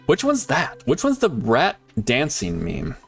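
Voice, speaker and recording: A man streaming a game live, chatting casually with viewers and swinging from excited shouts to quiet muttering. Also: on the high side, measured pace, vocal fry, husky, soft background music. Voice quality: animated, laughs often, jumps between excited shouts and quiet muttering.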